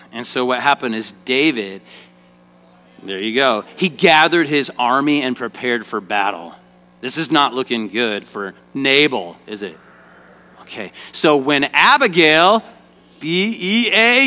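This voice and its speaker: Before a young audience on a church stage, a man in children's ministry leads an interactive Bible lesson, giving volunteers directions and prompting the kids to shout responses. He has a bright, forceful medium-pitched voice, and the hall makes it echo.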